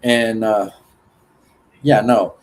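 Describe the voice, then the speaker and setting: A man's voice: on the low side, steady tone, drawn-out words. A man hosting a casual podcast chat, rambling and swearing freely, often laughing. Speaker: podcast host.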